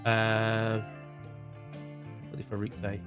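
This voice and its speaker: A man's voice: fairly low pitch, completely flat delivery, takes it slowly, music in the background. A man with a South London accent, chatting casually to viewers by name during a live racing game stream. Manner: chatty, greets viewers by name, drifts into mumbled asides. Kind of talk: casual livestream chat while gaming.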